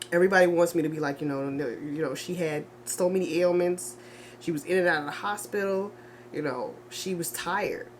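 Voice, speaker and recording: A grieving young woman in a confessional vlog, speaking in halting, repetitive bursts with heavy sighs and restarts. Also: fairly low pitch, a little hiss or hum. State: grieving, low and emotional. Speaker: vlogger.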